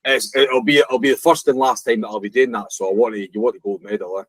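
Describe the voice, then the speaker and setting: A Scottish man co-hosting a running podcast, blunt and quick with quips. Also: medium pitch, steady tone, breathy edge, no room sound, low-quality recording. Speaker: podcast co-host. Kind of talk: casual chat.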